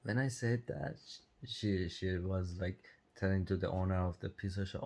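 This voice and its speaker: A man's voice: low voice, normal speed. A man telling a story in a casual chat, chuckling between lines and speaking English with non-native grammar. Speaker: vlogger.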